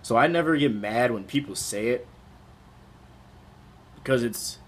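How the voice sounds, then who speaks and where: A man's voice: mid-range voice, a little slow. A young man in his twenties talking casually to camera in a vlog, candid and rambling, with many restarts. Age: 20s. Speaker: vlogger.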